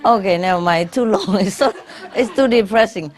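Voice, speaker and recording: In a gathering hall, a female spiritual teacher tells jokes to her audience in non-native English, her voice medium in pitch and her pace moderate. She frequently laughs at her own punchlines and seeks the crowd's agreement with little tags such as "no?" and "eh?".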